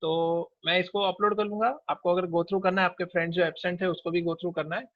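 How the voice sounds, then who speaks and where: A man with an Indian accent, a teacher briskly taking attendance and mixing English with Hindi. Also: high voice, little pitch movement, dry recording, dull audio.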